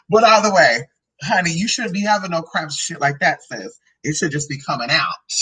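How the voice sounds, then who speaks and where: A woman's voice: low-pitched, lively intonation, normal speed, fairly bright tone, slightly rough, poor audio. A transgender woman vlogging casually about drinks and food, sassy and profane, rambling from one tangent to the next. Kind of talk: casual product-review vlog.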